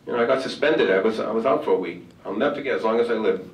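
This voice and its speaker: A man's voice: lowish voice, rapid-fire, close to an everyday voice. A man playing a grown man, once an angry troubled kid, who talks casually and swears while thanking an old mentor. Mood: reminiscing. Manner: casual, tough-talking, swears. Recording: roomy hall, far from mic.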